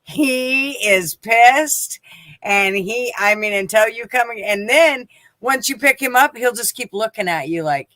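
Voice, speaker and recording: A woman's voice: a little high, lively intonation, measured pace, pushed and bright, no echo. A woman hosting a casual live-stream chat, telling rambling stories and swearing freely. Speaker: host.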